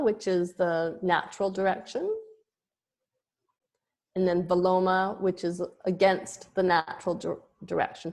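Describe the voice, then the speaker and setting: Slow, patient woman yoga teacher. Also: lowish voice, a little mellow. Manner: slow, patient explaining with small restarts. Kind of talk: online lesson on terminology.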